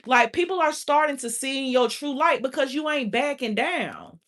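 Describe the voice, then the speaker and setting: A woman's voice: sits high, expressive, normal speed, fairly bright tone. A woman giving a casual spoken tarot reading, blunt and profane, with constant filler "like". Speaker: tarot reader.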